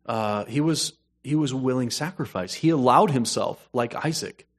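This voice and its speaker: A man preaching a sermon, moving between hushed storytelling and emphatic, rising points. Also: medium pitch, normal speed. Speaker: pastor.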